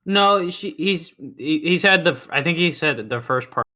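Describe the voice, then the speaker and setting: A man chatting casually as a tabletop player, animated and full of banter. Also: on the high side, moderate pace. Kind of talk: casual chat.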